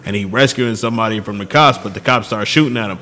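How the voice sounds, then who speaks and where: A man's voice: fairly low pitch, quick pace, bright, forceful tone, a little hiss or hum. Laid-back young man with room reverb. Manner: laid-back, dismissive slang. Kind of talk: casual anime chat with friends.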